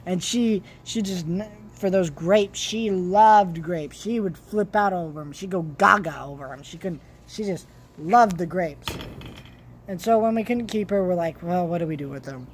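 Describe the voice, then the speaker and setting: Chatting casually, a young vlogger tells a meandering home story full of restarts, lurching from loud bursts to soft asides. Her or his mid-range voice keeps a measured pace over a faint hiss or hum.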